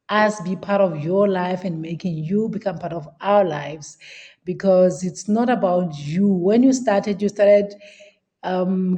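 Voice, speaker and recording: A woman team leader interviewing her coach over a video call, earnest and halting with many fillers. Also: mid-range voice, dark tone. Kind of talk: heartfelt interview talk.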